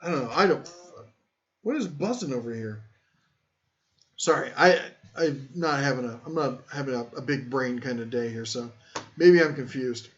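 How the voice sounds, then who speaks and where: A man's voice: medium pitch, expressive, moderate pace, pauses often. A man hosting a casual tool-talk live stream, rambling and joking at his own expense as he reads chat. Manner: rambling, joking, self-deprecating. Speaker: tool channel host. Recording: muffled lo-fi stream audio.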